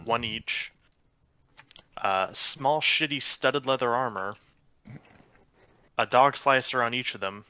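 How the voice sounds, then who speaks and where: A man's voice: medium pitch, slow, pauses often, sharp tone, no room sound. A man narrating loot and rules as game master of a casual tabletop game. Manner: casual, self-deprecating.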